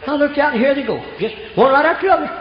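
A man's voice: extremely high pitch, animated, very fast, a crowd in the background. An older man preaching a folksy storytelling sermon, from Oklahoma, with homespun rural grammar. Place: church. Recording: echoey church room, dull lo-fi sound.

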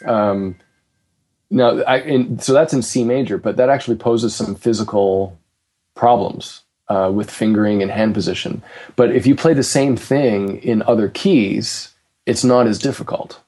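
Male jazz teacher, low voice, halting talk full of restarts, relaxed conversation. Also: husky. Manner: hesitant, many restarts, laughs easily. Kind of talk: casual conversation about practice.

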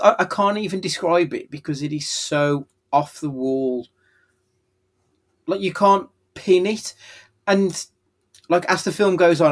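Man, podcast co-host, sweary, animated, slightly high voice. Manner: sweary, animated, laughing often. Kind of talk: casual film review chat.

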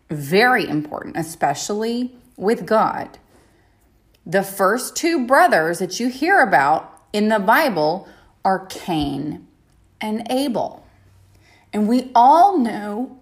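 Slow-paced woman giving a casual sermon. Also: mid-range voice. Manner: chatty, laughing, acts out the characters. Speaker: Bible teacher.

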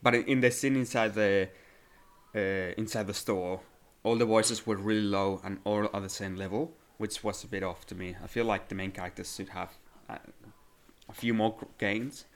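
A man's voice: on the low side, fairly even intonation, normal speed. A man chats about a movie on a podcast, speaking English as a second language. He hesitates often, restarting his sentences and filling gaps with "um" and "uh". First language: not English. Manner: hesitant, many fillers and restarts. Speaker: podcast co-host. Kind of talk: casual film discussion.

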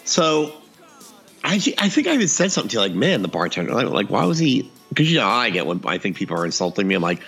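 A man's voice: on the low side, very animated, fast, vocal fry, fairly bright tone, slightly rough, faint music behind. A man casually telling a funny story on a podcast, acting out the dialogue and laughing often.

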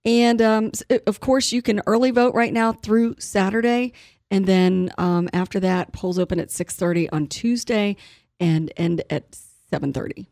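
A woman co-hosting a local radio talk show, giving listener updates in a relaxed, friendly tone and laughing easily. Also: medium pitch, no echo, clean studio sound. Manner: quick to laugh, encouraging backchannel. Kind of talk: casual radio chat.

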